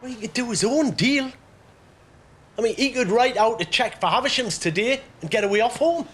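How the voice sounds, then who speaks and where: A man's voice: very high-pitched, lively intonation, brisk, a bit bright. An actor playing an earnest, decent working man in a TV drama. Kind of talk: TV drama acting.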